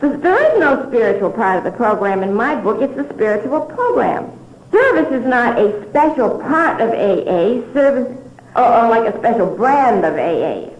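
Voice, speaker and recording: A woman's voice: on the high side, big pitch swings, moderate pace, darkish tone. An older woman speaking at a recovery meeting, telling her story candidly with little chuckles and asides. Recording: dull roomy 1970s hall recording.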